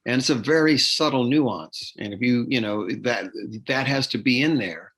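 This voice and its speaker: Speaking at normal speed in a medium-pitched, fairly bright tone, an actor answers podcast interview questions. His explanations are long and dotted with fillers, restarts, and repeated words.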